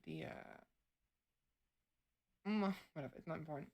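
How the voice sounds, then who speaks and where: A woman's voice: mid-range voice, expressive, a little slow. A young woman streamer chatting casually, rambling with many fillers and restarts while playing around with her voice. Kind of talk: casual chat.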